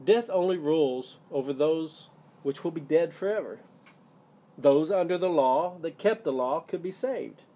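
A man's voice: a little high, animated, measured pace, mellow. Earnest man teaching scripture on a podcast. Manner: earnest, emphatic, stresses key words. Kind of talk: solo Bible-teaching podcast.

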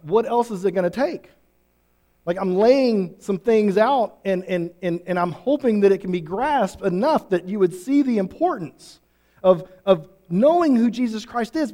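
A pastor preaches to his congregation in a high-pitched voice. He presses each point hard and repeats words for stress. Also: a little mellow. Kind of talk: sermon.

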